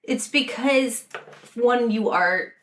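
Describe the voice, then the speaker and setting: Brief: rambling podcast co-host, a woman with a fairly high voice who says "like" constantly. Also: slow, fairly bright tone, echoey room, slight background noise. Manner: rambling, full of "like". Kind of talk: casual chat.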